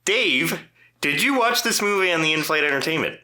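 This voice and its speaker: A man co-hosting a podcast in casual chat, animated and prone to profane rants. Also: a little high, brisk. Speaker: podcast co-host. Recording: roomy echo.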